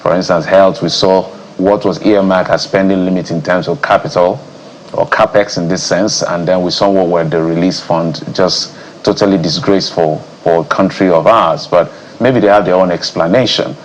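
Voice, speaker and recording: A Nigerian man anchoring a TV news interview, chatty and animated as he questions his guest. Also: deep voice, moderate pace, a little hiss or hum. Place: TV studio.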